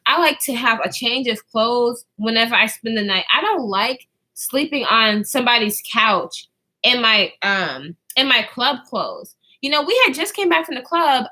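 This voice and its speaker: A young woman in her twenties telling a storytime vlog straight to camera, animated and profane, acting out what others said. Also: a little high. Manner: animated, profane, acts out quotes in others' voices. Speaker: vlogger. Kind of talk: casual storytime.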